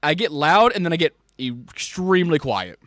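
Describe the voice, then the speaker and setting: A man telling a work story in casual chat, animated and profane, jumping between loud rants and quiet asides. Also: fairly high pitch, normal speed. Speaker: podcast host.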